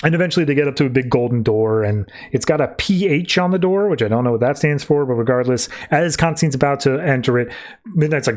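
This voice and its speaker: A man's voice: mid-range voice, fast. A man hosting a podcast, casually recapping a comic book in a rambling storytelling way. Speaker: podcast host.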